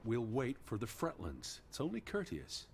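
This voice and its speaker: A weary, anxious searcher. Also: male voice, medium pitch, huge pitch swings, normal speed, slight background noise. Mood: wistful. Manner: anxious, calling out into the dark. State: exhausted. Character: weary man searching for his sister.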